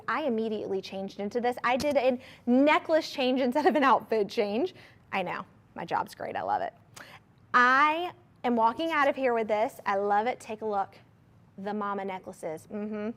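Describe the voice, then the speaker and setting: A woman hosting a live shopping channel, pitching products to viewers in an upbeat, chatty way. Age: adult mother of a young child. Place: TV studio.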